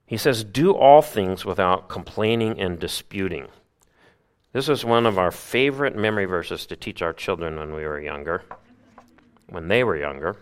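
Male pastor, low voice, animated sermon, loud peaks and hushed asides. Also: normal speed, smooth. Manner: acts out grumbling voices.

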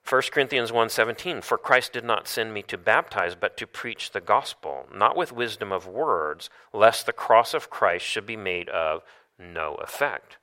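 Bright-voiced male preacher teaching a sermon. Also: on the low side, animated, unhurried. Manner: teaching, asks rhetorical questions, reads verses aloud.

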